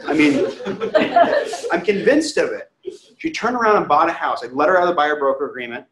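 A man's voice: on the high side, animated, moderate pace, long pauses, crowd noise. A man who is a real estate agent, giving a casual training talk and acting out both sides of client conversations. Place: training room. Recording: echoey room.

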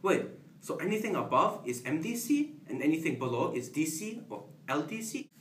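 A man's voice: on the high side, sing-song, a bit bright. Young man playing a humble, hopeful applicant. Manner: simple, halting phrasing. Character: humble, hopeful male applicant Mister Yoon. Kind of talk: amateur comedy sketch acting. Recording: roomy, distant, faint background noise.

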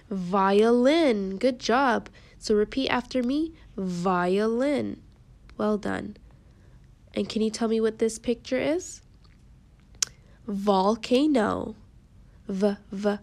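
A woman teaching a kindergarten phonics lesson, sounding out letters slowly and praising the children often. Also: a little high, a little mellow.

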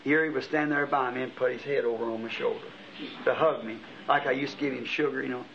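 Fervent preacher on old, dull tape. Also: male voice, mid-range voice, steady tone, fast, gravelly. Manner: impassioned storytelling with rising exclamations. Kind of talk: sermon.

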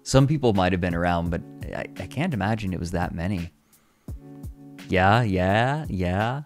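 An American man chatting casually on a livestream, playful and quick to laugh. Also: low-pitched, faint music behind. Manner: laughs a lot, playful, lively. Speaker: streamer.

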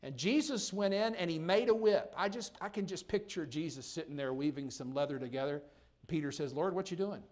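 Preaching at a brisk pace in a voice on the high side, this male pastor alternates between quiet and loud passages. He reads scripture in old-fashioned language, then breaks off to chat with his congregation.

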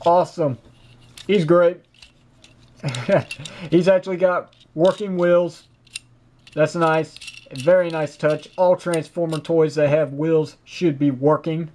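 A man with a high-pitched voice talks through a product review in a casual, chatty way. He is opinionated and enthusiastic, with frequent praise. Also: steady tone, slow, pauses often, darkish tone, a little hiss or hum. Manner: chatty and opinionated, with fillers like "you know". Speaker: toy reviewer.

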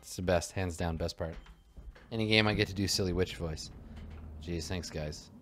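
A man's voice: low-pitched, steady tone, moderate pace, over music. A man giving wry, self-mocking commentary while playing a video game. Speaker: let's play host.

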